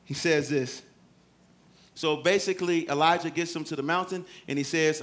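A man preaching a sermon, swinging from loud, dramatic calls to quiet, low scripture reading. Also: steady tone, moderate pace.

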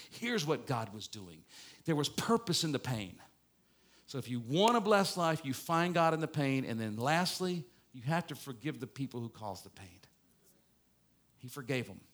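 A man preaching a sermon as a pastor, swinging between loud emphatic passages and quiet reflective ones. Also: medium pitch. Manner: preaching with strong rises and falls, mock-gloating asides.

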